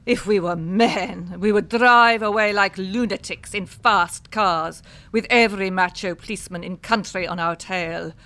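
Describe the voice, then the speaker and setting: An actress playing a bossy, scheming Soviet nun leader in an amateur comic radio play, talking conspiratorially. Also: female voice, mid-range voice, unhurried, a bit bright.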